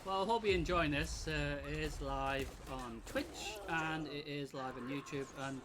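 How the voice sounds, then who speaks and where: A British woman commenting on a live game stream, excitable, often shrieking and laughing. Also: sits low, measured pace, a crowd in the background.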